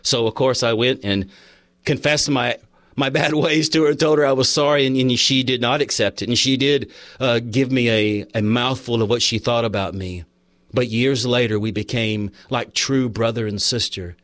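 A man's voice: mid-range voice, steady tone, moderate pace, fairly bright tone, no echo. A man preaching a sermon, earnest, telling personal stories and reading passages aloud from a book. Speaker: pastor.

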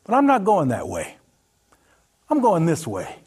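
A man voicing an earnest, gentle driver who calls himself a healer, speaking in a soft, patient, coaxing way. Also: fairly high pitch, wildly swooping pitch, a little slow, slightly rough, pitched above the performer's own voice, full character voice. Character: earnest gentle man, a roadside healer driving an old car.

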